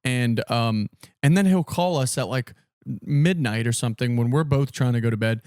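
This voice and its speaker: A man's voice: mid-range voice, moderate pace, darkish tone, clear, resonant tone, no echo, studio quality. A young man co-hosting a podcast, chatting casually with sarcastic, exaggerated jokes. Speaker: podcast co-host. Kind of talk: casual chat. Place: apartment living room.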